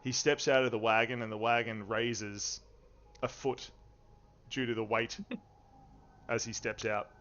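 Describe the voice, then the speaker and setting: A man narrating a tabletop game as game master, unhurried and easygoing, with frequent fillers and chuckles. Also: medium pitch, fairly even intonation, fairly bright tone. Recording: dull lo-fi stream audio.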